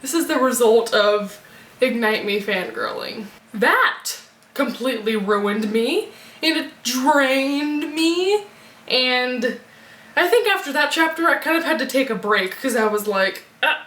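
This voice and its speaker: A young woman giving a casual book review vlog, gushing and excitable like a fangirl. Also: sits high, measured pace, reverberant. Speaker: book vlogger.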